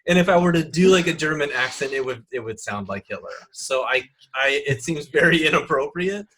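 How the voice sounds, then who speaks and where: A man's voice: on the high side, lively intonation, a little fast, pushed and bright. A man hosting a gaming podcast, talking casually in a rambling way full of fillers and chuckles. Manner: rambling, filler-heavy, chuckles between phrases. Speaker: podcast host. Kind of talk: casual chat.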